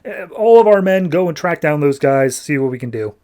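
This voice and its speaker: A man's voice: on the high side, animated, fairly quick, warm tone, close to an everyday voice. A man doing a blunt military boss. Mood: brusque. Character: stern male military official, blunt and pushy.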